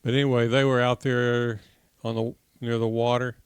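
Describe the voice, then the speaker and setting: A man teaching a congregation class, telling a folksy joke with laughs and loud acted-out gunshots, then leading a prayer. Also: medium pitch, little pitch movement, normal speed, smooth, no room sound. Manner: jokey storyteller who laughs at his own tale, acts out shots loudly.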